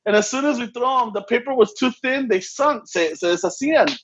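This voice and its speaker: A man's voice: extremely high pitch, expressive, brisk, a bit bright, lo-fi sound, slight background noise. A man co-hosting a podcast, joking in casual chat and mixing Spanish into his English. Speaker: podcast co-host.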